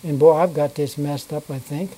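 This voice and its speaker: A Bible teacher reading scripture aloud and then explaining it, unhurried, stopping to check notes and correct themself. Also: mid-range voice, steady tone, mellow, rough recording.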